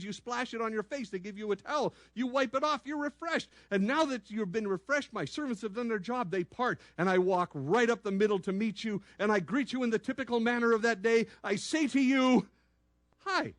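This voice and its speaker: A man preaching a sermon as pastor, teaching in a playful, animated way and putting questions to the congregation. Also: very high voice, no echo. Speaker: pastor and law enforcement chaplain. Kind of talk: sermon with call-and-response teaching. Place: church sanctuary.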